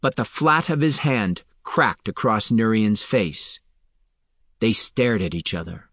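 A man narrating a fantasy novel in a steady, even storytelling voice. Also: on the low side, takes it slowly, no room sound, studio quality. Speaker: audiobook narrator. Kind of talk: scripted narration.

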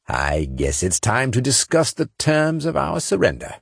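A gruff marine sergeant gives terse orders to his squad, read by a male narrator. The voice stays low and husky, only a bit raised from the reader's own, with a dry close sound. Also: expressive, a little slow, no room sound. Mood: commanding. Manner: commanding, terse.

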